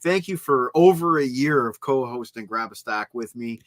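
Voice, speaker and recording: A man's voice: medium pitch, lively intonation, moderate pace. A man hosting a rock music podcast in upbeat, chatty talk. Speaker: podcast host. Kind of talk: casual chat.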